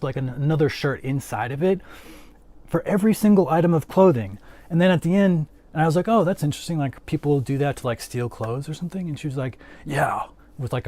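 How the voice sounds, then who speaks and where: A man's voice: medium pitch, mellow, no echo. A man chatting casually as a livestream host, rambling with lots of "like" fillers and answering his chat.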